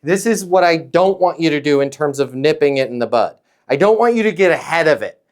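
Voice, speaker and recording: A man's voice: fairly high pitch, a little fast. Emphatic sales coach, a man. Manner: emphatic, animated, acts out dialogue.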